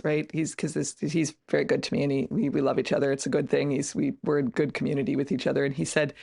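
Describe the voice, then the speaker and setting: A middle-aged author and entrepreneur guests on a podcast, talking casually but emphatically and earnestly, often restarting her sentences. Her voice is low, steady, fast, creaky and darkish, captured dry with studio quality.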